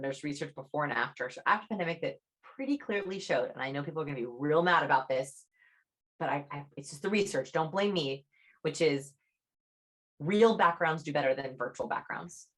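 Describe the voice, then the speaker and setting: A young woman talks as a guest author on a podcast, her voice sitting low in her range. She is chatty and animated, with lots of "like" in her talk. It sounds like a video call. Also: brisk. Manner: chatty, fillers like "like". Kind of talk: podcast interview.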